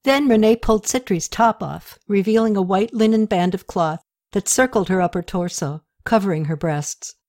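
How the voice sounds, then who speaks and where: A woman narrating an audiobook in a steady, even reading manner. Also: medium pitch, moderate pace, no echo, studio quality.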